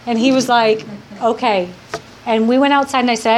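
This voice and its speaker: A woman's voice: fairly high pitch, moderate pace, slight background noise. A woman giving a heartfelt personal testimony to a live audience, rambling with many restarts. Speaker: speaker sharing her recovery story.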